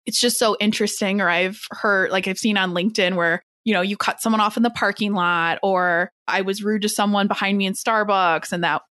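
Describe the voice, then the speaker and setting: A woman's voice: mid-range voice, brisk, hardly any pauses, no room sound, studio quality. Chatty woman hosting an interview. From Metro Detroit area. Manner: chatty, filler-heavy, animated quoting. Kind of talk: casual interview chat.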